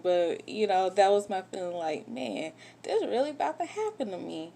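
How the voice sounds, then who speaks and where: A woman's voice: medium pitch, expressive, unhurried, creaky, few pauses, warm tone. A woman candidly telling a personal story in a vlog, getting emotional and swearing when upset. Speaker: vlogger telling her own story.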